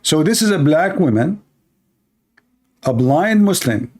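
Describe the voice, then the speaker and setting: A man hosting, giving heated commentary on a clip, blunt and scornful and quick to insult. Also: a little high, very animated, darkish tone. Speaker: host commenting on a video clip.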